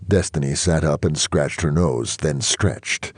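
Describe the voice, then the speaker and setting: A man reading a novel aloud in first-person narration, measured and even. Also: rumbling low, no echo. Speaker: audiobook reader.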